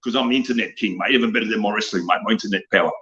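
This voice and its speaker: A man's voice: fairly low pitch, very fast, pushed and bright, dull audio. An older Australian man, around seventy, rants bluntly and profanely as an interview guest, tagging "mate" onto nearly every line. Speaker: wrestling guest. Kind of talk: ranting interview talk.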